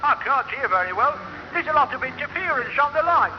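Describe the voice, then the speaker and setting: A man's voice: very high-pitched, animated, a little fast, noisy background. A man playing a polite, formal old man who mumbles as if he has no teeth, in a 1960s radio comedy. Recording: dull lo-fi radio recording, music behind. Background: jukebox music.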